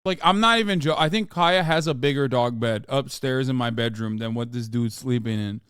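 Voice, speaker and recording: A man's voice: medium pitch, normal speed, smooth, dry recording, studio quality. A man hosting a stream, riffing and cursing casually as he reacts to a video. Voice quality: animated, profane, riffing.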